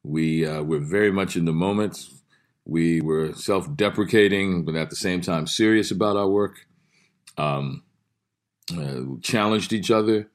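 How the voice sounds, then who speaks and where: A man with a very low voice, speaking as a guest in an interview. He tells stories in a playful, laughing way, full of asides. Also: unhurried. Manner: playful, laughing, animated storyteller. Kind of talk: anecdotal interview.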